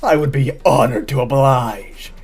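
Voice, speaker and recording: A man doing a booming, pompous young dark lord. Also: breathy edge. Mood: grandiose. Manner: slow, booming, pompous declarations. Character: grandiose young male breeder, theatrical.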